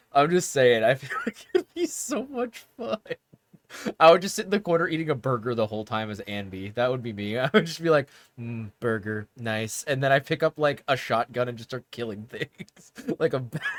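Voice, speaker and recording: Young male streamer, lively pitch, rambling casual chat with lots of laughs. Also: brisk, no echo. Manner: animated, rambling, laughs often.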